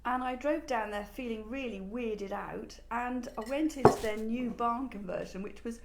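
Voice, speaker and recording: A woman who owns a shop, chatting expressively and often pausing on "um". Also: fairly high pitch, background noise. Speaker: furniture shop owner and host. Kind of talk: casual chat. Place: in her shop.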